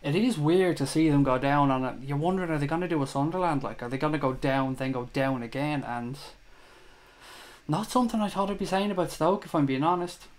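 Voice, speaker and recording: A man's voice: fairly high pitch, fairly quick. Chatty man hosting a fan livestream. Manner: chatty, emotional, reads viewer comments aloud. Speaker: host of a fan chat show. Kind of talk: casual livestream chat.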